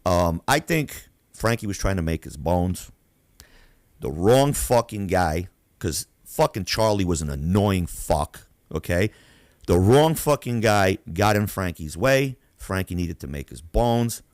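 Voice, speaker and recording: A man from Queens, hosting a podcast and telling stories in a profane, animated way. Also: low voice, a little slow, dry recording, studio quality. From Queens, New York. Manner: animated, profane, acts out voices. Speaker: podcast host. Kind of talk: casual storytelling.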